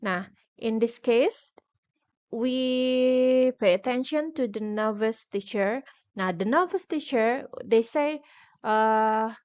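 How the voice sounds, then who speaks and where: Young woman, Indonesian accent, slow halting class presentation, muffled lo-fi sound. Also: fairly high pitch, darkish tone, clean tone, dry recording. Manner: halting, with frequent restarts and fillers. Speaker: graduate student presenter.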